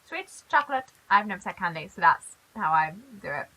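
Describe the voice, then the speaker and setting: A young British woman casually reacting on camera to things she reads aloud, chatting with quick asides. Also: on the low side, very animated, bright, forceful tone, low-quality recording. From Britain. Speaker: reaction vlogger.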